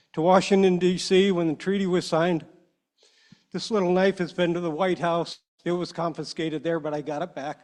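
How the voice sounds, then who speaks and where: A man addressing a public meeting as a panel member, earnest and a little halting, emotional as he speaks. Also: high-pitched, darkish tone. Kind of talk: heartfelt speech at a meeting. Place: meeting room.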